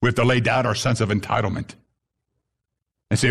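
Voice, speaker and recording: A man preaching an impassioned sermon to a congregation, building to shouted emphasis at key points. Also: mid-range voice, fairly even intonation, fairly quick, vocal fry, husky.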